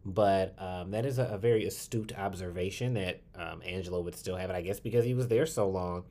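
A man co-hosting a podcast in casual chat, chatty and quick to laugh, swearing freely. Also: low voice, dark tone. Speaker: podcast co-host.

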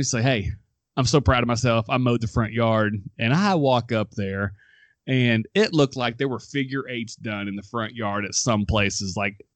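A young man hosts a relaxed talk show and spins a story out loud. He acts out the people he quotes and laughs along the way. His voice sits dry and close to the mic. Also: medium pitch, no room sound. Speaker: podcast host. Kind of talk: casual chat, storytelling.

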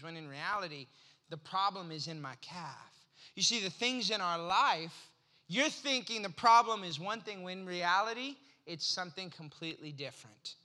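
Speaking at a normal speed, a man in his forties with a high, pushed, bright voice preaches as a pastor. His sermon unfolds conversationally through stories, with little exchanges acted out along the way.

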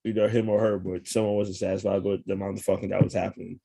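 A man's voice: sits low, level tone, fast, vocal fry, warm tone, breathy edge. A man telling stories in casual chat, slangy and laid-back, laughing often.

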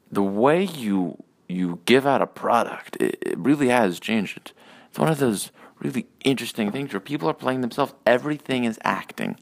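A man's voice: fairly low pitch, gravelly. A man hosting a casual solo rant podcast, rambling and profane with many hesitations. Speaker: podcast host.

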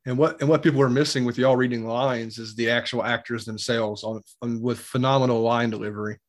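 A man's voice: medium pitch, steady tone, brisk. A man co-hosting a podcast, chiming in with easygoing, self-deprecating remarks about a film. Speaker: podcast co-host. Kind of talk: casual film discussion.

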